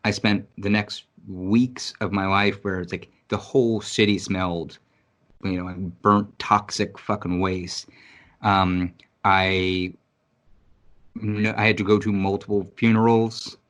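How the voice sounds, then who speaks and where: A man's voice: lowish voice, little pitch movement, measured pace, a bit bright. A man from New York City in casual podcast chat, talking bluntly and emphatically with lots of swearing and restarts. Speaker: podcast co-host.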